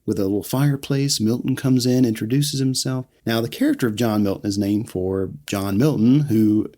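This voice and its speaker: A man from the American South co-hosts a casual film recap podcast. He talks in an easy, chatty way, often laughing as he retells scenes. His voice sits at a middle pitch, neither high nor low. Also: normal speed, mellow. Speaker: podcast co-host. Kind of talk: casual movie recap chat.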